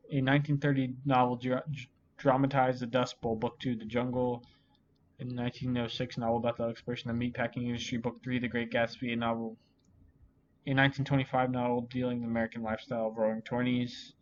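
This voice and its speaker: A man's voice: mid-range voice, little pitch movement, fairly quick, a little hiss or hum. A drunk man hosting a solo vlog, rambling and swearing constantly, frustrated and self-pitying. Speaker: channel host. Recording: dull lo-fi recording.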